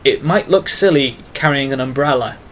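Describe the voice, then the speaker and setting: A man's voice: mid-range voice, lively intonation, normal speed, fairly bright tone, a little hiss or hum. A British man talking casually to camera in a tag video, long-winded and full of fillers, with self-mocking asides. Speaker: vlogger.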